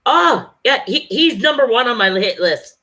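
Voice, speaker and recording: A bright, forceful voice at an ordinary pitch rambles into a camera at home. The talk is loose and unscripted, with restarts and blunt profanity. It is a casual livestream chat aimed straight at the viewers. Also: expressive, moderate pace. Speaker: livestreaming vlogger. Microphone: camera or webcam, talking to viewers.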